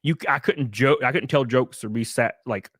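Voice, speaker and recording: A man streaming casual commentary, rambling and animated, swearing now and then, sounding worn down. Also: mid-range voice, normal speed, dry recording, studio quality. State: worn down, says he can barely function. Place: home studio.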